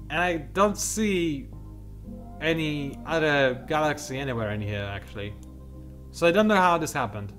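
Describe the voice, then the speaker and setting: Lively, sarcastic man narrating a game. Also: on the high side. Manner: sarcastic, self-mocking, prone to sudden excited outbursts. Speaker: gaming video creator. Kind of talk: casual let's-play commentary.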